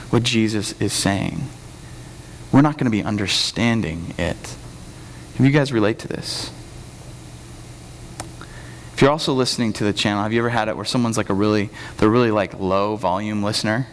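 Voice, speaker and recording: A young man preaching a sermon in a casual, joking way, slipping into lively voices for quotes. His voice sits at an ordinary pitch and carries a long reverb from a church hall. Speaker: pastor.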